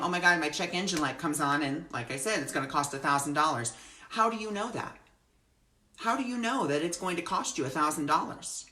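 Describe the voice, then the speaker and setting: Woman, spiritual teacher, live-streamed talk, earnest and expressive, low voice, echoey room. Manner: earnest and expressive, acts out her own panic; reads and greets viewers' comments. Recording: roomy echo.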